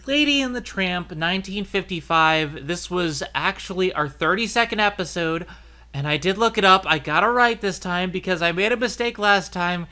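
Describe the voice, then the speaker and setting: Male podcast host, high and bright, loose rambling delivery. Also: clear, resonant tone. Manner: chatty, rambling with fillers and restarts. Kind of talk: casual chat.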